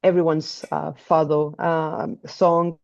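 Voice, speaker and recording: A woman's voice: low-pitched, flat delivery, takes it slowly, creaky, darkish tone, dull audio. A woman with a Portuguese accent, a tour guide chatting in an interview, hesitant with many restarts. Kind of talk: casual interview chat.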